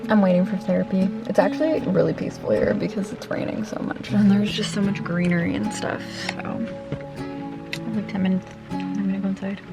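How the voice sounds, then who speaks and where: A woman's voice: mid-range voice, fairly even intonation, brisk, creaky. A young woman vlogging in a casual, reflective way, with many fillers like "like" and "um". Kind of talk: casual vlog chat. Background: background music.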